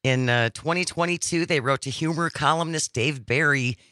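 A man's voice: fairly high pitch, moderate pace, sharp tone, dry recording, clean studio sound. A man co-hosting a casual talk show, sharing trivia in an informative way. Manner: informative, reads facts. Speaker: co-host. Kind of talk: casual chat.

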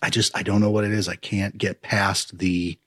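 A man's voice: low voice, flat delivery, moderate pace, a bit bright, husky. A man hosting a casual chat, rambling and jokey, who slips into impressions.

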